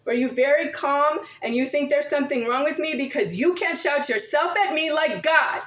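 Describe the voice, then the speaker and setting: A woman's voice: high voice, moderate pace, fairly bright tone, echoey room, low-quality recording. A woman in a confrontational monologue to camera, firing off insistent, repetitive rhetorical questions.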